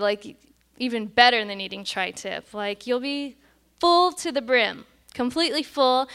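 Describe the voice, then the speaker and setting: A woman's voice: fairly high pitch, a bit bright, smooth. A woman, giving a casual, conversational sermon and acting out quoted voices. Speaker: speaker at a church gathering.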